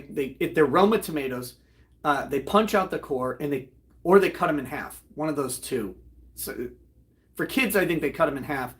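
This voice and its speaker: A man, host of a live online show, retelling a comedy act in a loud, profane, animated way and breaking into laughter. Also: a little high. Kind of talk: casual storytelling on a livestream.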